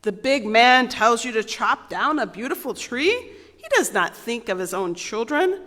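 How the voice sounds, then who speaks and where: A woman's voice: fairly high pitch, sing-song, a little slow, sharp tone, heavily acted. A woman voicing a solemn, wise storybook anteater. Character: wise, earnest anteater parent. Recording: long reverb in a large hall.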